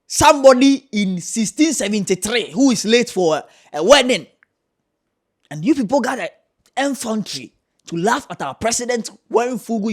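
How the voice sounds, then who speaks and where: A man with a Ghanaian accent giving a heated, mocking commentary rant, emphatic and repetitive. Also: high voice. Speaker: commentary host.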